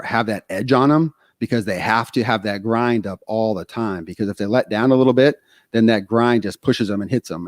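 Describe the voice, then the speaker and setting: A man in his thirties with a lowish voice, talking through a casual podcast discussion. He tells it like a story, piling on fillers and quick restarts. The sound is dry and close, with no room around it. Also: darkish tone, no echo. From Texas. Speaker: podcast co-host.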